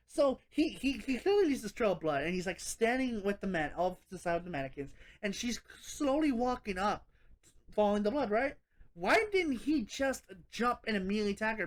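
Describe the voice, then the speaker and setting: Woman, horror movie reviewer, casual talk, animated, rambling, swears a lot, laughs often. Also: mid-range voice.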